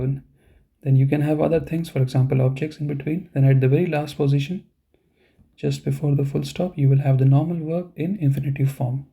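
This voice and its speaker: Gravelly-voiced man teaching a language class. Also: medium pitch, mellow. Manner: explanatory, with frequent "you know" and "okay". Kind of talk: online class lecture.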